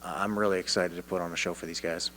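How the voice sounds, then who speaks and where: A man from Canada, a fighter at a media day, answering reporters' questions with confidence and animated storytelling, often restarting his sentences. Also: low-pitched, quick pace, rough recording. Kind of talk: press interview answers. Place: media day press room.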